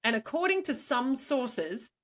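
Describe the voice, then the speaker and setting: A giggly woman with a high, sing-song voice tells stories as a co-host in casual chat. She's playful, laughs often, and tosses in quick asides.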